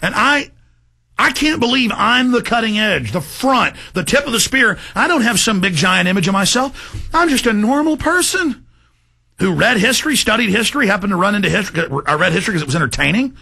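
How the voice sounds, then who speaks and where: A talk show host with a high-pitched, gravelly, husky voice rants in an impassioned, animated, brisk monologue. He shouts in bursts and speaks directly to his listeners.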